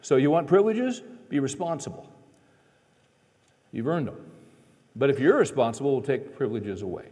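A middle-aged man, a pastor, preaching a sermon and telling a family story, moving between loud preaching and quiet asides. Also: medium pitch, sing-song, normal speed, long pauses. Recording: long echo of a large hall.

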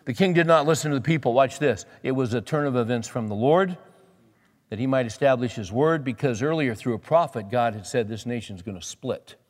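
A man's voice: medium pitch, a little fast. A man preaching a sermon in a folksy, conversational way, reading scripture and talking plainly to the congregation. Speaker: pastor. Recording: reverberant hall recording.

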